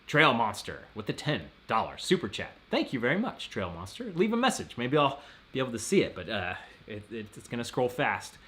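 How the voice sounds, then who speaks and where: A man's voice: mid-range voice, sing-song, brisk, pushed and bright. A man hosting a casual live stream, rambling and laughing often as he reads out viewer messages.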